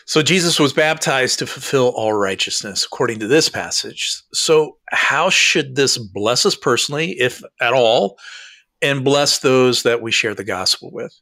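A man's voice: mid-range voice, expressive, a little slow, bright, forceful tone, dry recording, clean studio sound. A man who is a pastor leading a scripture discussion in a reflective, affirming way and asking his co-host questions.

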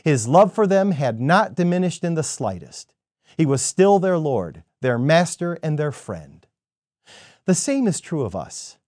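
Man, scripted sermon host, lively storytelling delivery, slightly higher voice, dry close sound. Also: measured pace, dry recording. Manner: expressive storytelling. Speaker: devotional speaker.

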